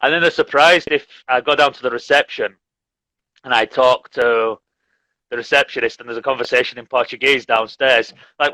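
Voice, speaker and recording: A man's voice: mid-range voice, moderate pace, pushed and bright, no room sound, low-quality recording. A man from Leeds, a teacher chatting casually and laughing often on a live stream. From Leeds, England. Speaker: English teacher, host. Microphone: video call.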